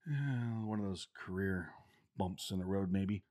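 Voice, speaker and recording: A middle-aged former Marine tells stories in an unhurried, lowish voice with long pauses. The storytelling is casual and animated, full of laughter and acted-out voices of the people involved.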